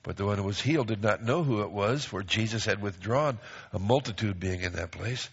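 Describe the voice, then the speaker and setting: A man's voice: on the low side, a little fast, husky. A middle-aged man pastor preaching a sermon, emphatic, repeating phrases and acting out quoted voices. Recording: dull lo-fi recording.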